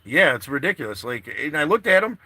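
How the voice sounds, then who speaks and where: A man's voice: on the high side, sing-song, fairly quick, sharp tone, a little hiss or hum. A man vlogging live from his car outdoors, chatting casually and rambling to his viewers. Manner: rambling, laid-back, talks to viewers. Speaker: travel vlogger. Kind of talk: casual live-stream chat.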